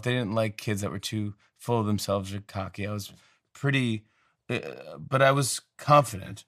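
A man's voice: on the low side, normal speed, no room sound. Man telling rambling anecdotes, dry sound. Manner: animated, rambling anecdotes with restarts. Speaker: guest. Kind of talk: storytelling interview chat.

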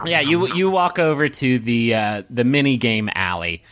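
A man acting as game master, narrating a tabletop game in a loose, halting way. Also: medium pitch, lively intonation, a bit bright, dry recording.

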